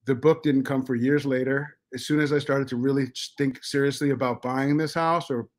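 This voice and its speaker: Middle-aged American man, podcast guest, animated storyteller who swears freely and restarts his sentences. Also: medium pitch, normal speed. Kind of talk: casual storytelling.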